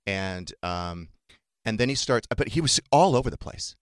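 Deep-voiced man, candid host. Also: animated, moderate pace, clear, resonant tone, no echo, studio quality. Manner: emotional, candid retelling of a family fight. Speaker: podcast host. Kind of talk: casual chat.

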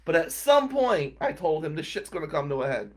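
A man hosting a show tells a personal story in a casual monologue. He's animated and brisk, swinging between loud outbursts and low mutters.

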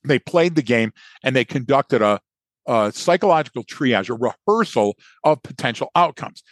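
A man's voice: mid-range voice, lively intonation, moderate pace, no room sound. A man co-hosting a podcast, telling a story with energy and acting out his own thoughts. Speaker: podcast co-host. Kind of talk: casual conversational storytelling.

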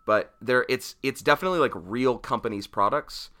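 A man's voice: medium pitch, normal speed, sharp tone, clean tone. A man co-hosting a comedy podcast, riffing playfully in casual banter. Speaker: podcast co-host.

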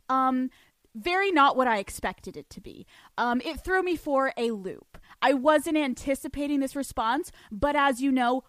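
High-voiced young woman telling a wild story. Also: dry recording. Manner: animated, profane, laughing storyteller. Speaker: podcast host. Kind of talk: storytelling monologue.

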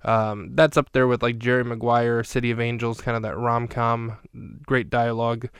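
A man's voice: mid-range voice, little pitch movement, normal speed, smooth, dry recording. A man hosting a podcast, casually recapping a film scene by scene in a chatty, rambling way with dry jokes.

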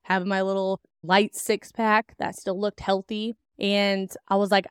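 A woman's voice: mid-range voice, flat delivery, a little slow, hardly any pauses, clean tone, dry recording, studio quality. A young woman hosting a podcast, talking candidly about her own life in a chatty way, with lots of "like" fillers and laughs. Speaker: podcast host. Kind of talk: personal storytelling to listeners.

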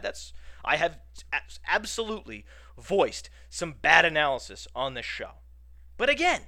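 A podcast host, talking on his own in a casual, mock-outraged way. His voice is very bright and sits a little high for a man. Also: dry recording. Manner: playfully indignant, mock-outraged. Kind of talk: casual solo podcast talk.

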